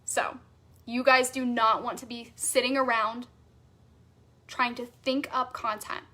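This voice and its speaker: A woman with a high, bright-toned voice teaches a live coaching masterclass. She talks casually with "like" and "right?" and leans on repeated phrases for emphasis. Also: fairly even intonation, unhurried. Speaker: sales and human design coach.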